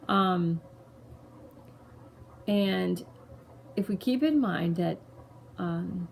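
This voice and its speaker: A woman tells a personal story in a loose, rambling way, often circling back to restart her thoughts. Her voice sits a little low with a gravelly fry, and a faint noise runs behind her. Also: drawn-out words, darkish tone. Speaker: mother sharing a parenting story. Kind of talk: casual personal storytelling to camera.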